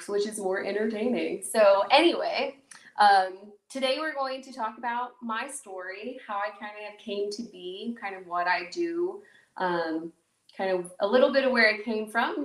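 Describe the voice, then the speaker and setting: A woman's voice: mid-range voice, fairly bright tone, recorded from a distance. Woman podcast host, casual and rambling, jokes at herself, echoey room, off-mic. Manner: rambling, chatty, self-mocking, many fillers. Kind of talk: casual solo podcast talk.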